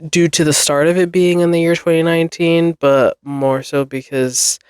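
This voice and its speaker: A woman's voice: low-pitched, fairly even intonation, moderate pace, a little mellow, clean tone, dry recording, studio quality. A woman in her twenties hosting a podcast, chatting alone in a rambling, self-deprecating way, swearing and laughing often. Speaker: podcast host. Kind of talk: casual solo chat.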